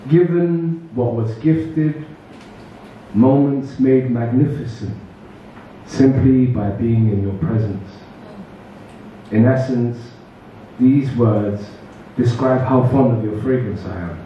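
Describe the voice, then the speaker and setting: A man performing spoken word poetry at an open mic, with a measured, rhythmic delivery and casual asides between pieces, recorded from far off in an echoey room. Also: medium pitch, slight background noise. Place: open mic event venue. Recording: echoey room, distant and muffled.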